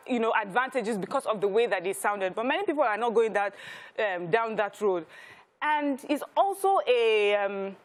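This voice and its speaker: A Nigerian woman on a television talk panel, talking in a slightly high voice. She is measured and thoughtful, and she sometimes stops to hunt for the right word as she makes her point. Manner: thoughtful, measured, searching for words. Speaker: TV talk show co-host. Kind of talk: studio panel discussion.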